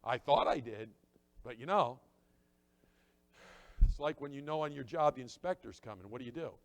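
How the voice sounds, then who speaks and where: Speaking at a moderate pace in a mid-range voice, this middle-aged pastor delivers a sermon conversationally. He plays out small exchanges, alternating between hushed asides and forceful, loud emphasis.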